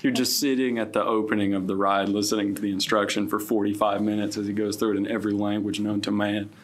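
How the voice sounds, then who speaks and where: A man's voice: fairly low pitch, level tone, fast, slight background noise. A man co-host in casual chat, hesitant and repeating words as he thinks aloud. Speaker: podcast co-host.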